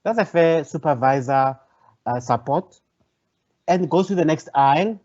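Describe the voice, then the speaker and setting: With an expressive, somewhat high and slightly mellow voice, a man leads an online training workshop as a professor. He's unhurried, conversational and hesitant, repeats phrases, and the call audio is dull and lo-fi.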